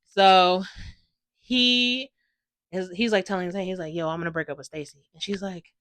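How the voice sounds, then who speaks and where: A young woman giving a casual, chatty book review, gushing and rambling excitedly, sprinkling in "like" and swearing freely, sounding tired. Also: fairly low pitch, normal speed, no echo. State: tired from no sleep.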